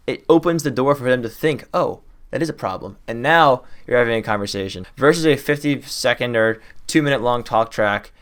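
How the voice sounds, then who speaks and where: A young man teaching cold-calling tips in a casual, excited way, riffing off the top of his head and talking quickly. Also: mid-range voice. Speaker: sales trainer. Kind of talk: fast casual teaching to camera.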